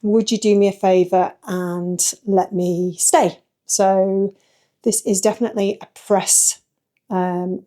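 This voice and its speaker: A woman's voice: mid-range voice, steady tone, slow, mellow, no echo. A middle-aged woman, a journalist chatting casually to camera in a vlog, self-deprecating and full of ums. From northern England. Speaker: journalist and vlogger.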